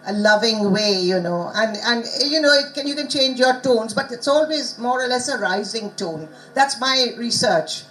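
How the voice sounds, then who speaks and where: A woman's voice: on the high side, lively intonation, normal speed, few pauses, fairly bright tone, slight background noise, low-quality recording. A woman giving an academic conference lecture in a teacherly way, often asking the audience rhetorical questions. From Bengal, India. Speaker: conference speaker on language teaching.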